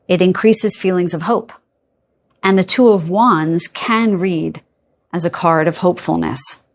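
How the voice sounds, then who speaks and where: Speaking fairly low, a middle-aged woman does a pick-a-card tarot reading for her audience, warmly and openly affectionate toward them. She chats and rambles, frequently losing track of what she was saying.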